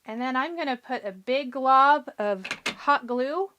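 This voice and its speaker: A woman hosting a live craft tutorial, chatty and encouraging, talking through each step and answering viewers' comments, her voice a little hoarse. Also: sits high, expressive, measured pace, sharp tone, slight background noise. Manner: chatty, encouraging, thinks aloud while working. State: a bit hoarse. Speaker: craft show host.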